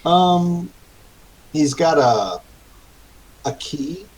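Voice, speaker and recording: A man narrating as game master of a tabletop game, halting often with fillers and restarts. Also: fairly high pitch, expressive, a little mellow, rough recording.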